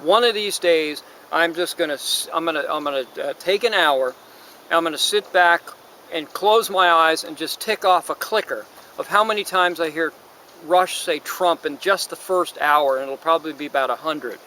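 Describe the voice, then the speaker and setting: A man with a slightly high voice hosts his own podcast, talking in a loose, rambling way that keeps drifting into digressions. He sounds worn out and exasperated with what he is discussing. Steady traffic and city noise run clearly behind him. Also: moderate pace, poor audio. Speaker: podcast host. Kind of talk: casual monologue podcast.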